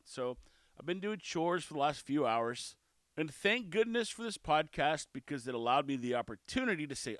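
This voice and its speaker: Chatty man with lively pitch. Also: moderate pace, clean tone, no room sound, studio quality. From South Texas. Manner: chatty, cheeky, animated storytelling. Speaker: podcast host. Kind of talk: casual solo podcast chat.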